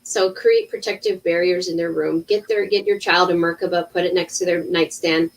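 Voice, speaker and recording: A woman in her thirties, an intuitive healer talking casually on a livestream, animated, with many restarts. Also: lowish voice, normal speed, far from the mic, low-quality recording. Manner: animated storytelling with acted-out quotes and many restarts.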